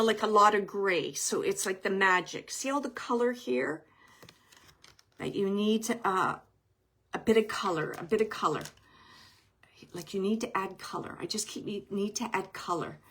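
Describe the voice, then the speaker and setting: A woman reading oracle cards as a medium, speaking gently and reassuringly, thinking aloud with many fillers and pauses. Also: a little high. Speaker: oracle card reader and medium. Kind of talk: intuitive card reading for a viewer.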